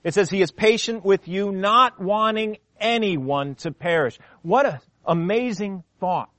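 A man with a high voice preaches a sermon in a church, dramatic and shifting between loud outbursts and hushed lines. He acts out quoted voices as he goes. The sound is dry and close. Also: unhurried, no echo. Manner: dramatic, acts out quoted voices, wide swings in pitch and volume. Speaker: pastor.

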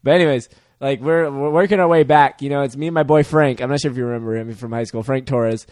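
A man's voice: medium pitch, quick pace, a little mellow, no room sound, studio quality. A young man telling a story in casual chat, laid-back and saying "dude" often.

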